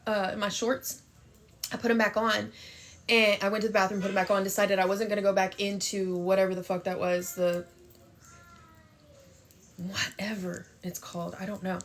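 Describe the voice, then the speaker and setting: A woman's voice: mid-range voice, little pitch movement, normal speed, pauses often. A young woman telling a story and chatting on a phone livestream, brash and profane, thanking viewers for gifts. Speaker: TikTok live streamer.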